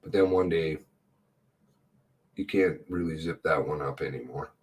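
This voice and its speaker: A middle-aged man talks through a livestream in loose running commentary, blunt and sarcastic. His voice sits very low and sounds husky and rough. He swears without a second thought. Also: unhurried, darkish tone.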